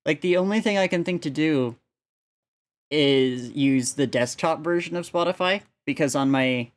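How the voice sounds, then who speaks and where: A man's voice: fairly high pitch, moderate pace. A man casually chatting on a live stream from his home setup into a standalone desk mic, rambling with lots of fillers and frequent laughter. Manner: rambling, laughs often, many filler likes.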